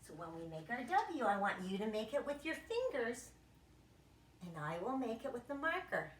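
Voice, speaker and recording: A woman's voice: fairly high pitch, sing-song, normal speed, a little hiss or hum. A young woman teaching young children, upbeat and encouraging as she counts aloud in a sing-song way. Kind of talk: children's lesson, counting and letters. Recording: echoey room.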